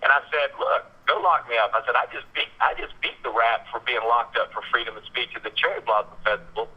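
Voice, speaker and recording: A Southern US man hosts a casual talk radio show, his telling animated and full of restarts and repeated words. His voice sits at an ordinary pitch for a man. The sound is dull and lo-fi, like an old radio broadcast. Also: fast, breathy edge. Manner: animated, repeats words, acts out quotes in raised voice.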